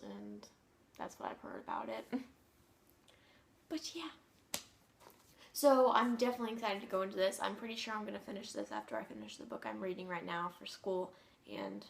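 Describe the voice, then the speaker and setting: Bubbly teen girl gushing over books. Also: medium pitch. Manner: bubbly, gushing, rambling with fillers. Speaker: book vlogger. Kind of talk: casual book haul chat.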